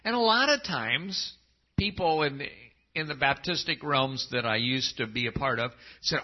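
A husky man preaches a sermon in a loose, conversational way. His pitch rises and falls a lot as he asks the congregation questions. The recording is dull and lo-fi. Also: lively intonation, normal speed. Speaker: pastor.

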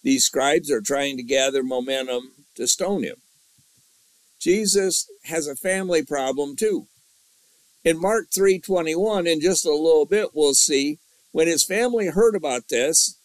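A man's voice: a little high, measured pace, no room sound, poor audio. A man teaching a Bible study from an outline, repeating key lines and asking his class questions.

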